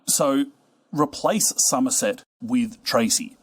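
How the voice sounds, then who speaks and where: A man's voice: medium pitch, slow, breathy edge. A man, a guest on a movie podcast, joking in a sarcastic tone. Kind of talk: casual podcast chat.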